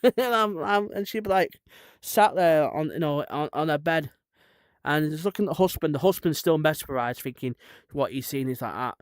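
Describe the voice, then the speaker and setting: A man's voice: fairly high pitch, normal speed, clear, resonant tone, no room sound, clean studio sound. A man, a streamer rambling irreverently in casual chat and laughing at his own jokes.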